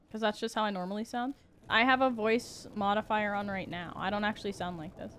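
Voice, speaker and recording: A woman's voice: mid-range voice, fairly bright tone, slight background noise. Playful woman streamer with voice modifier. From Canada. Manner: playful, giggly, teasing. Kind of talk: casual gameplay commentary.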